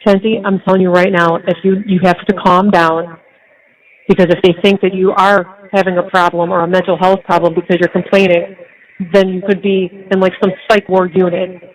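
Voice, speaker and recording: A middle-aged woman talking to her daughter on a phone call, firm and soothing, repeating herself to calm her down. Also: on the low side, fairly quick. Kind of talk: casual phone chat.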